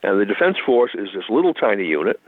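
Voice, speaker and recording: A man's voice: fairly low pitch, big pitch swings, fast talker, no echo. A man from the United States, a constitutional attorney, explaining law in an interview in a methodical, lecturing way with frequent restarts. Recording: tinny phone line.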